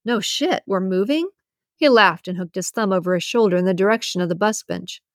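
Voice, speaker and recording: Woman narrator, fairly low voice, steady audiobook reading, dry close sound. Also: quick pace, dry recording. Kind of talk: scripted narration.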